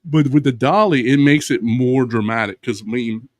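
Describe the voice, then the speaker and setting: A man with a Louisiana accent co-hosting a casual pop culture talk stream. He explains filmmaking in a relaxed way and leans on "you know.". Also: mid-range voice, normal speed, dry recording. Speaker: co-host. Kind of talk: casual chat.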